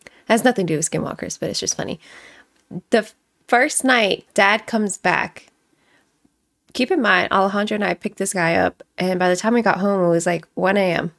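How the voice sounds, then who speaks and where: A woman's voice: mid-range voice, moderate pace, vocal fry, dry recording, studio quality. A woman telling funny family stories in casual chat, laughing often, swearing freely and acting out the voices she quotes.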